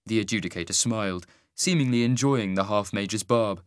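A man narrating a fantasy audiobook in a measured, wry manner. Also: fairly low pitch, clear, resonant tone, dry recording, studio quality.

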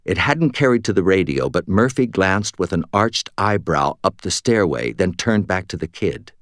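A man reading a first-person story for an audiobook in a measured, expressive way, close to the mic. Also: deep voice, no echo. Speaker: audiobook narrator.

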